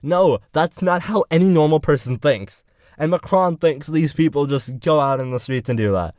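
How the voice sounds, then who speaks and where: A man's voice: on the high side, moderate pace, a little mellow, no room sound, clean studio sound. A young man in college rambling through a profane, sarcastic political rant as a vlogger. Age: young adult.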